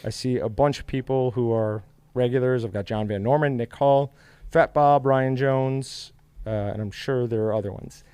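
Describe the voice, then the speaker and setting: A man's voice: mid-range voice, moderate pace, dark tone, clean tone, no echo. A man hosting a casual livestream, chatty and upbeat, reading viewer comments aloud. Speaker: livestream host.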